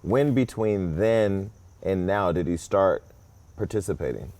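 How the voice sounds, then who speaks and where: A woman's voice: rumbling low, a little slow, warm tone, no room sound. A woman interviewing a guest, probing with short follow-up questions.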